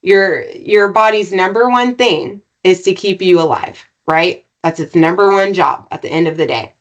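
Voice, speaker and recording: A woman guest on a podcast, earnestly retelling her own story in a lively, conversational way and checking in with "right?" as she goes. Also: on the low side, moderate pace, dull audio. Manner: earnest, animated retelling with frequent "right?" tags. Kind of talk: personal storytelling in a podcast interview.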